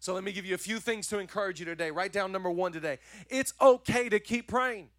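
A man preaching a sermon as pastor, energetic and repetitive in his urging, with chatty joking asides. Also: sits high, fast talker, dry recording, clean studio sound.

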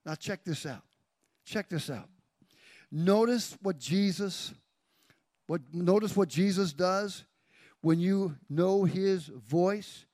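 A man's voice: high voice, takes it slowly, pauses often, darkish tone, no room sound, studio quality. A man preaching a sermon as pastor, calling out to members of his congregation by name. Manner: preaching with call-outs to congregation. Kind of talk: sermon with live demonstration.

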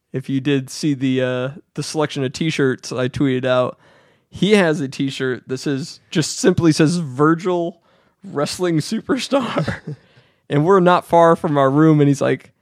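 A man co-hosting a podcast tells a story in casual conversation, acting out quotes with jumps in pitch. The recording is dry and of studio quality.

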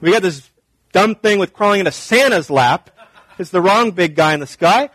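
A man in his thirties preaching a sermon, swinging from hushed, intimate talk to raised, emphatic repetition. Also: high voice, animated, moderate pace, breathy edge, no room sound, poor audio. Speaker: pastor.

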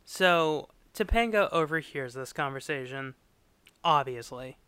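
A man's voice: fairly high pitch, unhurried, smooth, no echo. A man co-hosting a casual podcast, retelling a sitcom episode with acted-out quotes and frequent laughs. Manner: animated storyteller, acts out quotes, laughs often. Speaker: podcast co-host recapping a sitcom. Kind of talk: casual chat.

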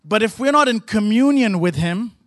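A man's voice: high-pitched, animated, moderate pace, fairly bright tone, no echo. A man pastor preaching a sermon with emphatic, repetitive rhythmic phrasing.

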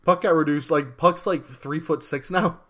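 A young man with a high, bright voice trades rapid, profane jokes with his podcast co-host. He laughs often and keeps the riffing loose and irreverent. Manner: profane, quick-witted banter, frequent laughter. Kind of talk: casual comedic chat.

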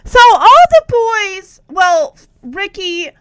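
A woman's voice: extremely high pitch, sing-song, extremely slow, no echo. A woman chatting through a recap of a TV episode, laughing often and making teasing asides. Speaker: show recap host. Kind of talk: casual recap commentary.

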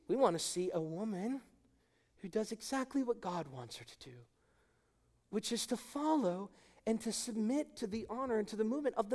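A middle-aged male pastor delivers an impassioned sermon in a high, animated voice. His pitch swings widely as he drives each point home. The sound rings with a long hall reverb. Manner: impassioned, emphatic preaching.

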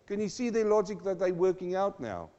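High, mellow, and very animated, this man preaches a verse-by-verse sermon a little fast, acting out the scripture voices with growing drama and intensity. The audio is lo-fi and dull, with long reverb from a hall.

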